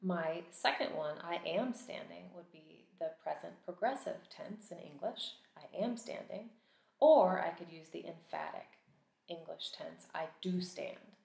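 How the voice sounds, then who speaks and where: A woman teaching a Latin vocabulary lesson, patiently sounding out each word form and pausing for the listener to repeat. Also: on the low side, expressive, gravelly, a little mellow. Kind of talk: recorded vocabulary lesson with drills. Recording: echoey room.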